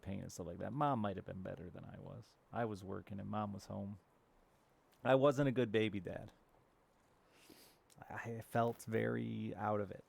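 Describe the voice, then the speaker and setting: A man's voice: on the low side, vocal fry, darkish tone. A man in his thirties chatting casually and candidly with viewers while streaming a game, swearing now and then. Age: 30s. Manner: chats with live viewers. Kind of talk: casual chat while gaming.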